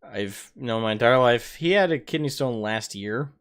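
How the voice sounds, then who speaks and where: Man, podcast co-host, smooth and clear; profane, animated storyteller. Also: mid-range voice, moderate pace. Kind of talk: casual chat.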